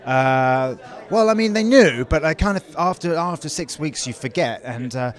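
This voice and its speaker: An English man, an actor, telling a story on an outdoor red carpet in a relaxed, hesitant way. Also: fairly high pitch, moderate pace. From England. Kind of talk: casual red carpet interview.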